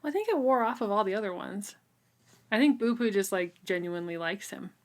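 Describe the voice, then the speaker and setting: A woman's voice: medium pitch, animated, fairly quick. A woman co-hosting a podcast, chatting casually about a book and laughing easily. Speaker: podcast co-host.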